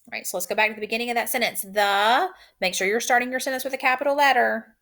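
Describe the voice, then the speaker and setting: A woman teacher giving a recorded phonics lesson, saying each word twice in slow, drawn-out dictation. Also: on the high side, a bit bright.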